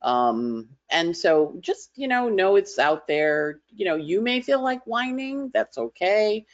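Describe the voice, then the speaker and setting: A woman astrologer talks through her weekly forecast in a loose, chatty way, now and then imitating others in playful voices. Her voice sits at an ordinary middle pitch. The audio is a little dull and lo-fi. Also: big pitch swings, slow. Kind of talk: casual spoken forecast.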